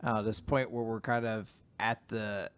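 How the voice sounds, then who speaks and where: A man's voice: lowish voice, fairly even intonation, unhurried, fairly bright tone, clear, resonant tone. A man co-hosting a podcast, chatting loosely and rambling a bit, with the odd swear word. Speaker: podcast co-host. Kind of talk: casual chat.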